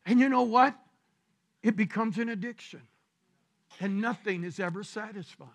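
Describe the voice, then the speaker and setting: High gravelly shouting preacher man. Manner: preaching with shouted emphasis and drawn-out scripture reading. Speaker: pastor. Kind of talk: sermon.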